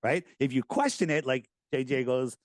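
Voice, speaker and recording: A middle-aged American man talking casually in an interview, animated and rambling, with many restarts. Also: medium pitch, normal speed, no room sound. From United States. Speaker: podcast host, guest.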